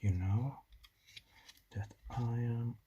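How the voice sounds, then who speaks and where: Slow, rambling man at a workbench. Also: medium pitch, steady tone, highs cut off. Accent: non-native English accent. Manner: rambling, joking asides, muttering to himself as he works. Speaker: DIY electronics channel host. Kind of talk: casual talk-through while building a circuit. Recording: clear clicking and typing noise behind the voice.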